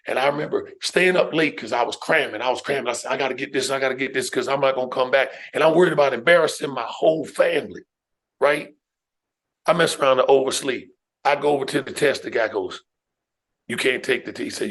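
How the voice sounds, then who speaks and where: A middle-aged man from New York, a guest educator and speaker telling his life story on a podcast in an emphatic, animated way. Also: medium pitch. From New York, USA. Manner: emphatic, animated storyteller who addresses the listener with "man" and "right?".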